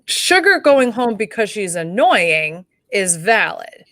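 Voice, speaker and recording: A woman co-hosting a casual podcast, talking in an animated way and acting out quotes from a reality show. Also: medium pitch, slow, no room sound. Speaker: podcast co-host.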